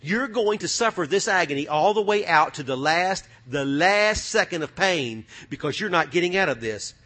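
Man, preacher, high bright voice, fiery sermon with low muttered asides. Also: expressive, normal speed.

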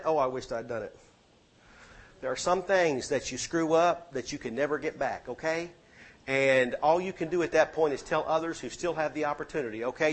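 A man preaching a sermon, exhorting the congregation and rising to loud peaks. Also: fairly high pitch. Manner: exhorting, swings to shouting peaks.

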